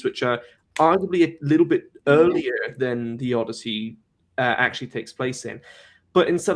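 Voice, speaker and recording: A man at a mid pitch hosts a live-streamed talk. He lays out his views in a measured, analytical way and states his opinions firmly. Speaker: host.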